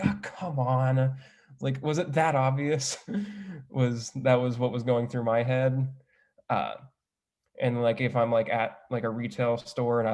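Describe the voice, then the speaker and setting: A man's voice: medium pitch, darkish tone. A young man who is a student panelist, describing his time abroad in a chatty, casual way, filling his speech with "like" and correcting himself as he goes. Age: young adult. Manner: chatty, heavy use of "like", self-correcting.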